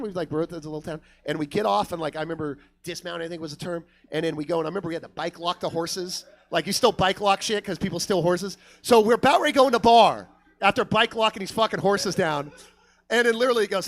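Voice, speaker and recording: A man telling a wild stand-up story on a club stage, swinging from loud to hushed and yelling in the quoted bits. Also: fairly high pitch, animated, brisk. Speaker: stand-up comedian. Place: comedy club stage with live audience.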